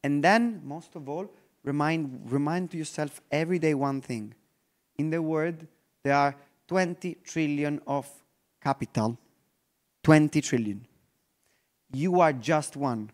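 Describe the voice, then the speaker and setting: Speaking at a conference, this Italian-accented investor has a somewhat high voice for a man. His English is loose and restarts often, and he occasionally goes very slow and quiet for effect.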